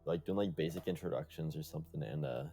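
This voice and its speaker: Deep gravelly man reading a game aloud. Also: dark tone, faint music behind. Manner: laid-back, halting with many "uh"s. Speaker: streamer reading a visual novel aloud. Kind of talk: casual chat and reading aloud.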